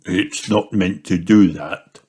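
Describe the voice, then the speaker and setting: A man reading a storybook aloud and voicing a jolly, clumsy father pig who talks slowly and chuckles. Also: low-pitched, steady tone, a little mellow. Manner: slow, chuckling and easygoing. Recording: noisy home recording with clicks.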